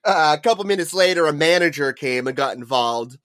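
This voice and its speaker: This young man has a slightly high voice. He tells a story in loose, casual podcast chat, swearing freely and filling the gaps with "like" and "uh.". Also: expressive, brisk, fairly bright tone. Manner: rambling, profane, lots of "like" and "uh". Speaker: podcast co-host.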